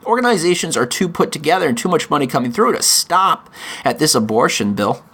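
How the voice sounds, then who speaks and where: A man hosting his own podcast, delivering an emotional, pleading opinion monologue with frequent halting restarts. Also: a little high, sing-song, bright, forceful tone, slightly rough. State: in chronic pain. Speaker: podcast host.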